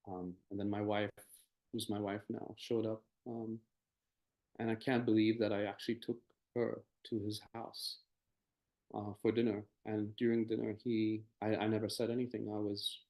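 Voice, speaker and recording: A man, a podcast guest, telling a personal story in a halting, hesitant way with many pauses and restarts. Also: fairly low pitch, vocal fry, warm tone, low-quality recording. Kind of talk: personal testimony in conversation.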